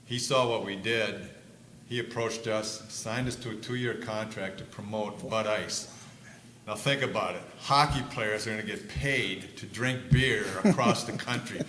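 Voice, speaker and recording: An older man with a fairly low voice tells stories on a panel, bursting into loud acted-out quotes. He is recorded in an echoey room with faint background noise. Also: unhurried. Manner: animated storyteller, acts out quotes loudly. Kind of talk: storytelling on a panel. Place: conference stage.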